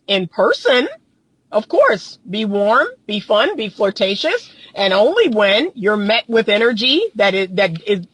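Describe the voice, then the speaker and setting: A woman coach gives dating advice straight to her audience in a mid-pitched voice. She speaks in a matter-of-fact, emphatic way, with casual phrasing, and hammers home her points by repeating them. The sound is dry, with no room echo. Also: a bit bright. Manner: casual colloquial address to viewers. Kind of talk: direct-to-camera advice talk.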